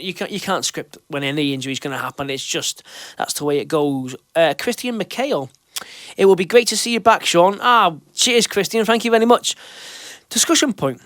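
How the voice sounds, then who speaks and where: A man's voice: high-pitched, fairly bright tone, dry recording, clean studio sound. A man hosting a fan show in casual chat, reading out questions and reassuring listeners. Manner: chatty and reassuring, with loose restarts. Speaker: podcast host.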